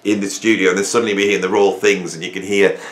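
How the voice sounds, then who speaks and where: A man talking casually to camera from his home garage, animated and rambling, often repeating himself and restarting phrases. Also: deep voice, fast. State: hot and sweaty. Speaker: drummer and producer talking to camera. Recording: echoey garage room.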